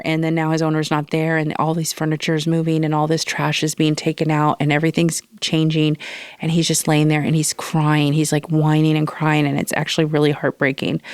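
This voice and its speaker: Woman host, smooth resonant tone, casual rambling solo chat full of asides. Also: low voice, no echo, studio quality. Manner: chatty, rambling, with fillers and quoted asides. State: recovering from respiratory infection. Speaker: podcast host.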